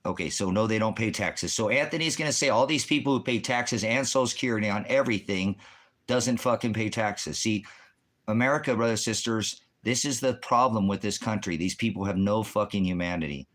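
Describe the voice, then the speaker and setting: A man's voice: fairly low pitch, fairly quick, a bit bright. A man hosting a livestream, angrily berating commenters with constant profanity in a heated, combative rant. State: agitated. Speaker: livestream host answering chat.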